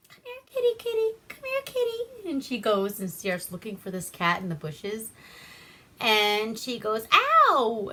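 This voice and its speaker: Slow-talking woman rambling through a movie recap. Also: on the low side. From Alaska. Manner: rambling, profane, deadpan. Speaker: host.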